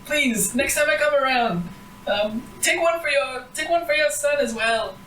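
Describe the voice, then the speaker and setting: A man's voice: extremely high pitch, animated, moderate pace, pushed and bright, a little hiss or hum, voice pushed up, full character voice. A man voicing a cheery old village granny who sells pies, talking in a gushing, overly sweet raised voice. He is heard roomy and from some distance. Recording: roomy, far from the mic.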